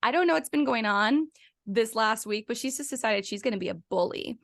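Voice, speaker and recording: A woman's voice: a little high, animated, a little fast, a bit bright, dry recording. A woman co-hosting a podcast in casual chat, telling a story and acting out her own reactions. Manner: chatty storyteller who acts out her own quoted reactions. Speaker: podcast co-host.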